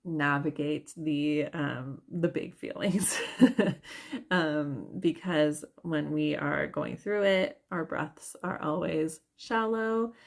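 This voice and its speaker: Young woman, low creaky voice, unhurried candid mom-vlog chat. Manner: chatty, candid, laughs often, many fillers. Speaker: yoga vlogger and mother. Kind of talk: casual confessional vlog talk.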